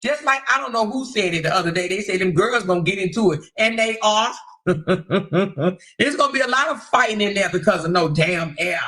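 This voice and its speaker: A woman's voice: medium pitch, animated, moderate pace, a bit bright. A woman hosting a livestream, commenting on clips in a teasing, profane way with frequent laughter. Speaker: host.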